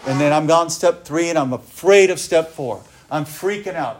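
Man, recovery talk, earnest, emphatic, rhetorical questions, somewhat high voice. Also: lively intonation, moderate pace, hardly any pauses. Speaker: recovery speaker.

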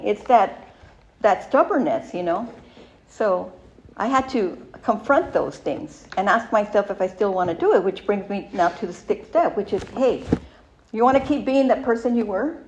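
A woman's voice: medium pitch, normal speed, darkish tone, lo-fi sound, a little hiss or hum. A middle-aged woman giving a candid, rambling personal recovery share, with many fillers and asides.

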